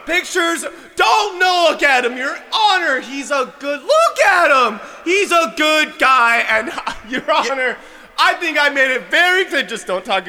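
A man playing a melodramatic shouting defense lawyer. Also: very high-pitched, exaggerated voice. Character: overwrought male defense lawyer, pleading and shouting. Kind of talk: comedic improv courtroom scene.

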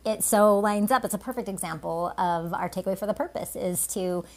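A woman's voice: medium pitch, brisk. Affirming woman co-host. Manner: warmly affirming, reflective. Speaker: podcast co-host. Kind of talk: casual chat.

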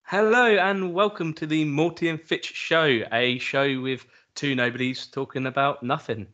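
A man's voice: a little high, fairly even intonation, normal speed, pushed and bright, lo-fi sound. A man hosting a casual podcast, with dry, teasing banter toward his co-host. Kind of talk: casual chat.

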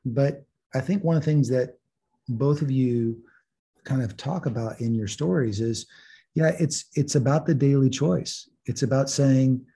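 A man hosts an interview with a mellow, husky voice. He reflects on and summarizes his guests' points at a measured pitch. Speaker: host. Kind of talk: interview conversation.

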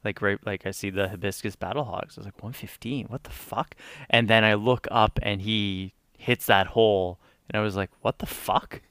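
A man co-hosting a casual podcast chat. He tells stories with animated energy, curses often and acts out quotes. His voice sits fairly low and sounds dry and close. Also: fairly quick, hardly any pauses, smooth, no room sound. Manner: animated storytelling, swears freely, acts out quotes. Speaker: podcast co-host.

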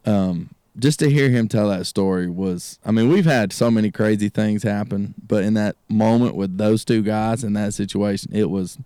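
A man's voice: lowish voice, moderate pace, hardly any pauses, dark tone, clean tone, dry recording, clean studio sound. A man, a country music artist, telling a road story as a guest in a casual chat, laughing often and acting out the voices of the people in it. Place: outdoor gazebo on a cold evening.

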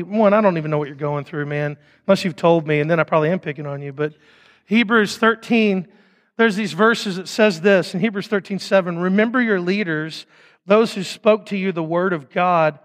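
A man preaching a sermon as pastor, casual and conversational with quick asides. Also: sits high, big-room sound.

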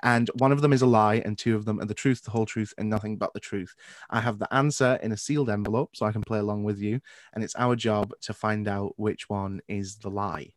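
A man's voice: on the low side, fairly even intonation, brisk, dry recording, studio quality. A man hosting a podcast, chatting playfully with lots of fillers. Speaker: podcast host. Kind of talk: casual interview chat.

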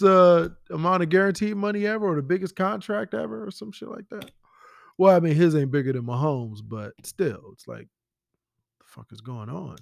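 A man with a slightly high voice talks straight into the mic in a casual podcast monologue. His delivery is blunt and profane, full of rhetorical questions. The sound is dry and close, with no room around it. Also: gravelly, no echo. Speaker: podcast host.

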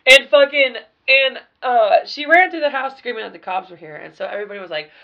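Gravelly-voiced woman telling wild stories. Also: a little high, fairly quick, highs cut off. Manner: profane, animated storytelling with sudden loud bursts. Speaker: podcast guest. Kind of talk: casual storytelling chat.

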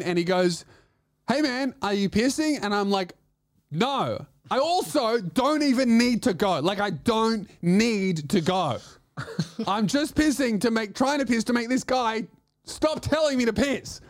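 A man's voice: high-pitched, no room sound, clean studio sound. A man who is a comedian and podcast host, telling a profane, rambling comic story full of restarts.

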